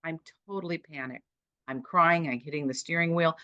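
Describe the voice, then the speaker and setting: A woman's voice: low voice, a little fast, a bit bright, no echo, lo-fi sound. A woman in her sixties, a podcast guest, retelling her own caregiving story in vivid, dramatic short sentences. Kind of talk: personal storytelling.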